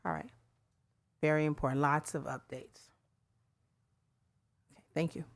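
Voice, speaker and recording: A woman's voice: deep voice, fairly even intonation, a little slow. A woman board member asking a brief question at a public meeting, stumbling and repeating words.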